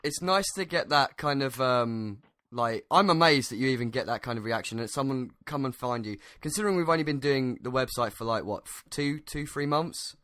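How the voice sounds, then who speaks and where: Laid-back podcast host. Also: male voice, medium pitch, fairly quick, hardly any pauses, a bit bright, no echo, clean studio sound. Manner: laid-back, laughing, rambling. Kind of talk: casual chat.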